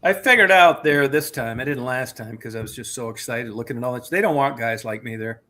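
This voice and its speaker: A man in mid-pitched casual chat, ranting and swearing freely as he tells a long grievance story. He talks like a host catching up with a regular listener. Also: brisk, pushed and bright.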